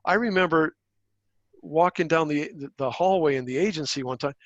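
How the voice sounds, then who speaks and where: A blunt man with a slightly high voice, chatting on a podcast about politics. He swears easily and circles back through restarts as he talks. The sound is dry and a little dull and lo-fi. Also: normal speed, a bit bright, no room sound. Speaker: podcast co-host. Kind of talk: casual political chat.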